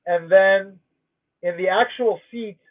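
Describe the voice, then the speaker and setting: A man's voice: high-pitched, slow. A man hosting a livestream, telling a story in a casual, profane, emphatic rant from home. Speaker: livestream host. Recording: tinny phone-like audio.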